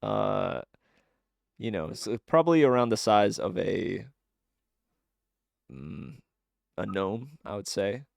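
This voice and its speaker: A young man runs a tabletop game. His narration is slow and halting, full of fillers, with a gravelly edge and a lively swing in pitch. The sound is dry and close. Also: dry recording. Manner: rambling, halting, with frequent fillers. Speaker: game master.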